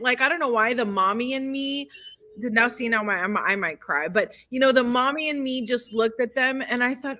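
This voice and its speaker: A middle-aged mother co-hosting a talk show, chatting warmly and effusively and laughing often. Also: high voice, normal speed, a little hiss or hum. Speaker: podcast co-host. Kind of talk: casual chat.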